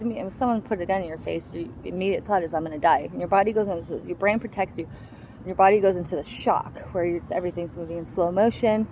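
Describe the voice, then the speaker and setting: A woman's voice: medium pitch, darkish tone, a little hiss or hum, rough recording. Blunt, foul-mouthed woman telling her story. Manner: blunt, heavily profane, emphatic. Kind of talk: raw personal testimony.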